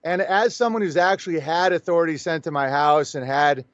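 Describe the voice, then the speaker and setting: A man's voice: on the high side, fairly quick, dry recording, lo-fi sound. A man talking as a guest on a show, telling a story animatedly and acting out both sides of the conversation. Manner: animated, storytelling with quoted back-and-forth. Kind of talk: casual conversational interview.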